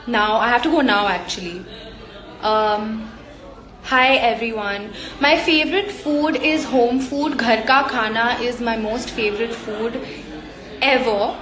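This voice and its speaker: A woman's voice: on the high side, a little slow, crowd noise. A young woman with an Indian accent chatting casually on a live stream, bubbly and laughing often as she reads fan comments aloud. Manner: bubbly and chatty, laughs easily, sends hugs and kisses. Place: indoor room away from home, on a work day. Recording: echoey room on a phone stream.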